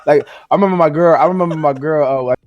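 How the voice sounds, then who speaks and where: A podcast host talks casually, stumbling and restarting often as he works through his thoughts, quoting himself with slangy asides. His voice is a little high and the sound is lo-fi.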